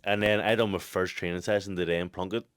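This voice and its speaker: A young man with a Northern Irish accent, telling stories in casual podcast chat, swearing freely and laughing loudly. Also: low-pitched, steady tone, fast talker, no echo, studio quality. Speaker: podcast co-host, boxer.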